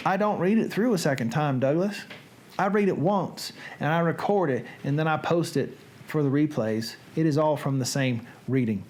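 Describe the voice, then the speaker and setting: A man's voice: fairly high pitch, a little mellow. A middle-aged man with a Southern American accent hosting a casual livestream in a folksy, playful manner. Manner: folksy, playful, drawn-out delivery. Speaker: livestream host. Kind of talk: casual livestream chat and dramatic reading.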